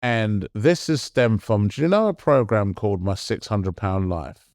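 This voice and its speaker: A middle-aged man speaks in an earnest, halting way, often restarting his sentences as he talks things through. His voice sits fairly low. The recording is dry and close, with no room sound. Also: expressive, darkish tone, no echo. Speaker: podcast co-host. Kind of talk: casual chat.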